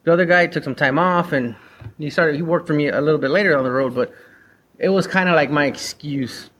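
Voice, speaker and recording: A little high and fairly bright, this man's voice moves at a fairly quick clip. He's a mobile mechanic and ex-shop owner, chatting casually in a blunt, slangy way while reenacting customer conversations.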